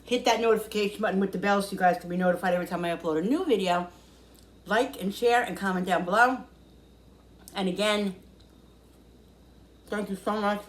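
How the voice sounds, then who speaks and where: A woman's voice: medium pitch, a little hiss or hum. Gushing woman cooking vlogger, echoey kitchen. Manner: gushing, excitable, talks while eating. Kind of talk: casual cooking vlog. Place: home kitchen.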